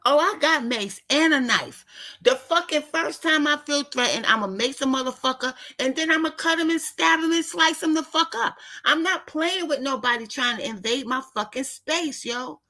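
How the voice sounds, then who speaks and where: High, bright-voiced fifties woman ranting. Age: 50s. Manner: profane, blunt and indignant. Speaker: vlogger talking to her live viewers. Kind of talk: casual ranting monologue.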